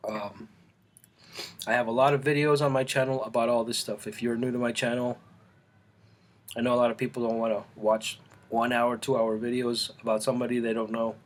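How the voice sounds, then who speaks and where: A man in his forties, born in Colombia, chatting casually to camera in his home art studio, halting and full of restarts. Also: mid-range voice, flat delivery. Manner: rambling, halting, with many restarts and fillers. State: eating, mouth full at times. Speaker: artist and channel host.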